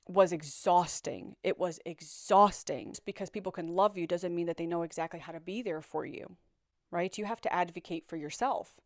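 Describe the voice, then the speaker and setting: A woman's voice: medium pitch, no echo, clean studio sound. A young woman telling her own story in a candid, reflective way, often repeating words as she searches for them. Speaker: survivor sharing her story. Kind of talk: personal storytelling.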